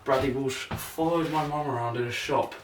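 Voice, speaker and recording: A young man talks to himself while he practises juggling, rambling and poking fun at himself in a mid-range voice. He sits back from the microphone in an echoey room, with a steady hiss of background noise. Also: mid-range voice, normal speed. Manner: rambling, self-mocking, thinks out loud. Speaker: vlogger. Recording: echoey room, mic at a distance, noisy.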